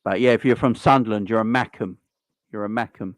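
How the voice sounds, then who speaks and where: A man's voice: fairly low pitch, fairly even intonation, brisk, no room sound. A man hosting a live football watchalong stream, chatting casually and rambling between reactions to the play and greetings to viewers.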